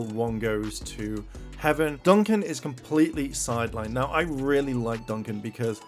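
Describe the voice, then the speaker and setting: A man reviewing a show in a blunt, rambling rant full of swearing. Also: medium pitch.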